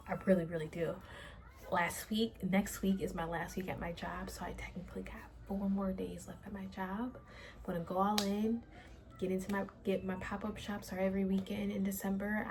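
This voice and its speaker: A woman's voice: mid-range voice, darkish tone, rough recording. A young woman, vlogging in casual chat, rambling with fillers and repeating herself. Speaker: small business owner vlogger.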